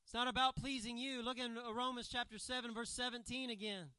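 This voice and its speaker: A man's voice: very high voice, flat delivery, brisk, sharp tone, smooth, dry recording, poor audio. A man preaching a sermon as a missionary, emphatic and fond of repeating key phrases. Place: church.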